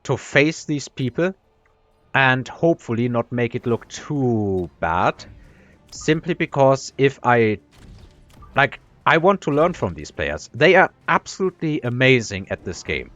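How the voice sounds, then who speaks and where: A man's voice: mid-range voice, very animated, a little slow, fairly bright tone. Guy rambling over his strategy game match with his mouth full, lots of uhs and ums, kinda dull lo-fi audio with faint music behind. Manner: rambling, self-deprecating, many fillers and restarts. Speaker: gaming commentator. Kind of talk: casual gameplay commentary.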